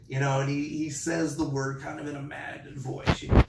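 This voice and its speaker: A man who teaches online, telling a story in a casual vlog with animated delivery. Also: fairly high pitch, fairly quick, few pauses, reverberant, far from the mic, slight background noise. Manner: animated, acts out his classroom voice.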